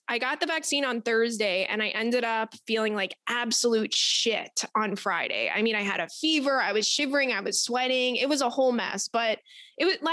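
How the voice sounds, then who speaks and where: A woman's voice: on the high side, no echo, studio quality. Chatty New woman hosting a podcast. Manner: chatty, animated, laughs often. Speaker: podcast host. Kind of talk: casual chat.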